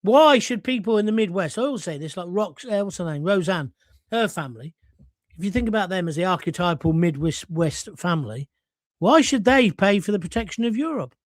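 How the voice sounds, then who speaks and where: A man's voice: high-pitched, animated, a little fast, no echo, clean studio sound. Blunt, ranting English male show host. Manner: blunt, combative, ranting with sarcastic asides. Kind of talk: opinionated live show monologue.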